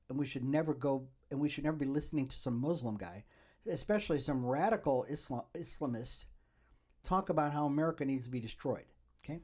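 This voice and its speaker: A man's voice: a little high, darkish tone. A man hosting a solo political commentary podcast, talking in a rambling way and often checking in with "okay?". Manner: rambling, repeats "okay?" to the listeners. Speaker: podcast host.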